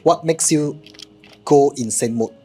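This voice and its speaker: An upbeat man leads a panel discussion in a casual, joking way. His voice is slightly high and husky. Light music plays faintly behind him. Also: unhurried. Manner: energetic, laughing, loose phrasing with "right?" and "bro". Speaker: panel moderator. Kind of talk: casual moderating.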